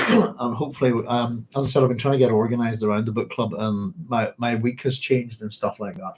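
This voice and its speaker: Husky, rambling man. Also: mid-range voice, fairly even intonation, a little fast, low-quality recording. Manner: rambling, many ums and restarts. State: hiccups and sore throat. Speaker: book club host. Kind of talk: casual live-stream chat.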